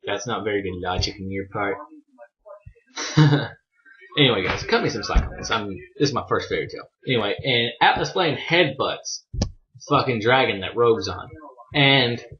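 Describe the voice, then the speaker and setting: A man's voice: on the low side, animated, moderate pace, muffled recording, background noise. A young man chatting casually through a manga chapter review, rambling, swearing freely and poking fun at himself.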